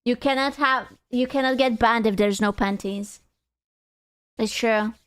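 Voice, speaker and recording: A woman's voice: on the high side, a little slow, clear, resonant tone. A woman streamer chatting casually with her live chat, playful and joking, swearing freely.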